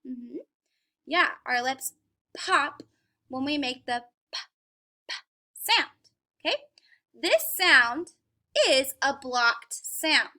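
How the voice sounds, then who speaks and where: A woman's voice: high voice, expressive, slow, long pauses, sharp tone. A young woman teaching a phonics lesson to young children at home, patient and encouraging.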